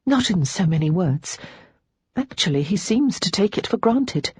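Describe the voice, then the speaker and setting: A woman narrator voicing a spirited young lady in a romance audiobook, pitched higher and playful. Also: big pitch swings, moderate pace, husky, no echo. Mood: teasing.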